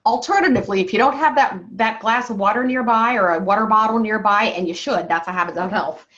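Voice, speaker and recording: A woman's voice: medium pitch, quick pace, a bit bright. Woman health coach, lo-fi call audio. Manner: frequently checks in with "okay?"; encouraging, walks listeners through breathing exercises. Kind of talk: coaching talk on a group call. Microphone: call-in phone or computer mic. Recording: slightly dull, lo-fi call audio.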